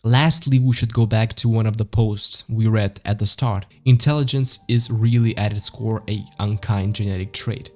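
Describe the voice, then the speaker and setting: Low-voiced man posing rhetorical questions. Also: fairly even intonation, moderate pace, few pauses, darkish tone. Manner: argumentative, asks rhetorical questions. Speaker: channel host. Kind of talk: reflective video essay monologue. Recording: faint music behind.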